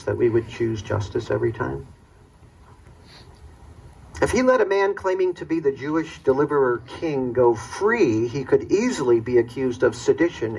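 A man's voice: mid-range voice, gravelly, a little mellow, breathy edge, poor audio. A man delivering a first-person dramatic monologue as a Roman soldier, earnest and reflective in his storytelling.

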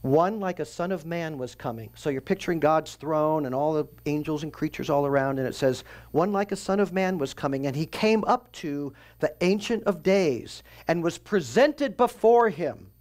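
In a fairly high, slightly mellow voice, a pastor preaches at a moderate pace with hardly any pauses. It's an expository, verse-by-verse sermon delivered in a conversational teaching tone, where he raises his own questions and answers them.

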